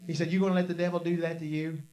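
A male preacher with a notably high voice delivers a storytelling sermon. He drops to low, quiet phrases and then bursts into loud, shouted lines. He leads the congregation to repeat his words back. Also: level tone, racing. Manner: call-and-response with the congregation.

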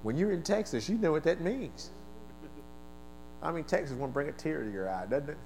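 Male pastor, sermon, call-and-response, quiet asides and shouted bursts, raised pitch, faint mains hum. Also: expressive, fairly quick, creaky, rough recording. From American East Coast. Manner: call-and-response preaching, swings from low asides to shouted exclamations.

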